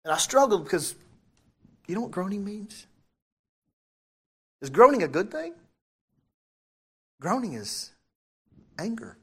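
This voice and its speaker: A man's voice: high-pitched, breathy edge. Man preaching a casual, questioning sermon. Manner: conversational preaching, asks the congregation questions; reads scripture aloud, self-correcting. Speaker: pastor.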